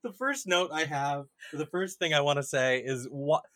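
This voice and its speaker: Bright-voiced male podcast host. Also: fairly high pitch, normal speed, dry recording. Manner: chatty, analytical, quotes film lines in mock voices. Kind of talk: casual podcast chat.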